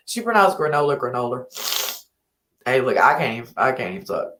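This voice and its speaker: A woman's voice: extremely low pitch, very animated, a little fast, long pauses, fairly bright tone. Lady rambling on a late night stream, sleepy, laughing, voice bouncing all over, echoey room. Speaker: livestream host. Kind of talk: late-night casual chat. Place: home at night, indoors. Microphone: laptop or phone mic.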